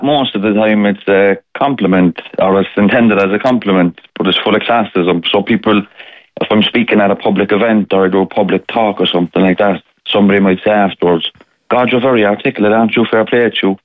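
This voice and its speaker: A man with a Cork accent, a podcaster guest on a radio show, explaining in a measured way. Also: fairly low pitch, fairly even intonation, no room sound. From north side of Cork, Ireland. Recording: tinny phone line.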